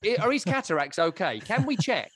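A man's voice: sits high, sing-song, fairly quick, fairly bright tone, slightly rough, dry recording, clean studio sound. A man hosting a podcast, telling stories in a chatty, wry way. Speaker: podcast host. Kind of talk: casual podcast chat.

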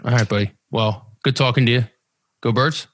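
A man's voice: mid-range voice, steady tone, a bit bright, no room sound. A young man, co-hosting a casual sports podcast, teasing and emphatic. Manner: teasing, quick-fire and emphatic. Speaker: podcast co-host.

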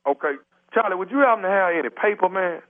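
A man's voice: sits high, fast, pitched above the performer's own voice, close to an everyday voice. A man playing a sheepish house sitter stuck without toilet paper in a prank call, stammering and hesitant. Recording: tinny phone line.

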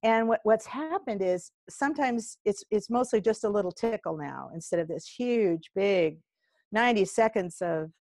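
An older woman chatting as an interview guest, with a voice sitting in the middle of the range. She tells lively stories and slips into quoted voices as she goes. The sound is dry and close, with no room around it. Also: mid-range voice, moderate pace, no room sound. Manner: animated storyteller who acts out quoted voices. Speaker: guest, courage coach and singer-songwriter. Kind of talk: casual interview conversation.

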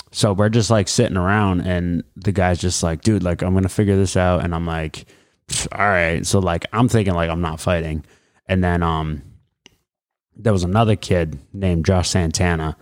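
Casting: man, late twenties, deep and very low, rambling casual storyteller, dry close sound. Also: a little mellow, dry recording. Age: late 20s. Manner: rambling, many fillers and acted-out quotes. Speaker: guest, mixed martial arts fighter.

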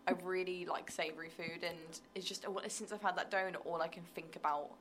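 A woman guest talks in a lowish voice with a sharp, bright edge, rambling and giggly. Her sentences trail through lots of filler words. Faint ambience sits behind her. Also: fairly even intonation, a little fast, slight background noise. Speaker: guest, powerlifter. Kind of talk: casual chat.

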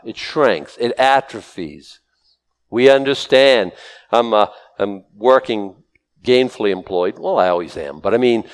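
A middle-aged man, a pastor, preaching a conversational sermon and getting animated, his voice jumping up when he is excited. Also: medium pitch.

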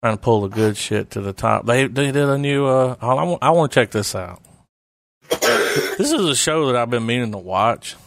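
A man hosting a podcast in a middle-pitched voice, talking loosely, with restarts and swearing. The mic sound is dry and close, with no room echo. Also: big pitch swings, normal speed, vocal fry, a bit bright. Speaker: podcast host. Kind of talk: casual chat.

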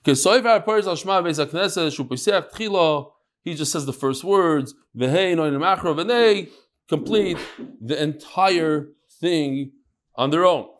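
A middle-aged man teaching a daily Talmud class with lively storytelling and quick asides. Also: on the high side. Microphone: on Zoom.

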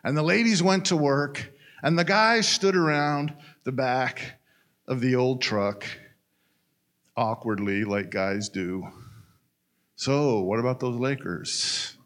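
A man's voice: medium pitch, slow pace, fairly bright tone. A man telling a story in a folksy, conversational way, talking straight to his listeners. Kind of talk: storytelling in a casual retelling.

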